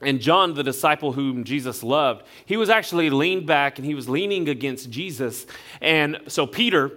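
Casual preacher with a slight drawl. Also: male voice, on the high side, lively intonation, moderate pace, bright, forceful tone. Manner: conversational storytelling, acts out quotes. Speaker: pastor. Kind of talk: sermon.

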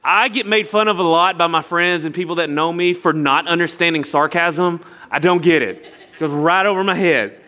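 A man's voice: on the high side, normal speed. A young adult man, preaching a sermon with storytelling and earnest appeals. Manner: storytelling, animated impressions of others, earnest. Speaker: pastor.

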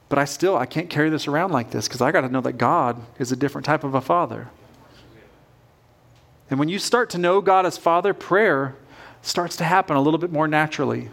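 A man's voice: a little high, gravelly, a bit bright. A middle-aged male pastor preaching a sermon in an earnest, conversational way.

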